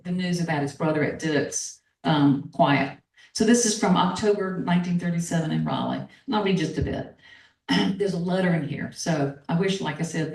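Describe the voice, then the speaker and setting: A woman's voice: on the low side, a little mellow. An older woman with a North Carolina accent, an author talking about her novel and reading from it, thoughtful and full of fillers. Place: bookstore event space. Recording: echoey room, from far off.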